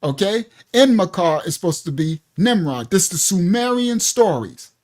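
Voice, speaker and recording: High-voiced, excitable male Bible teacher. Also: moderate pace. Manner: excitable, gets loud, keeps checking in with listeners.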